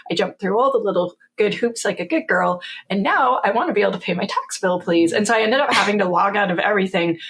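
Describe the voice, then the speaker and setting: A Canadian woman in her forties, a guest in an interview, telling stories in a lively way, laughing often and wryly quoting herself. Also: mid-range voice, fast talker, hardly any pauses. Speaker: guest, security author. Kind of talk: casual interview storytelling.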